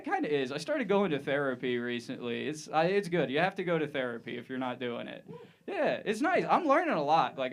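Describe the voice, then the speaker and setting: A man from Ohio doing a stand-up comedy set on a club stage into a handheld mic, rambling and self-mocking with loose asides. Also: fairly high pitch.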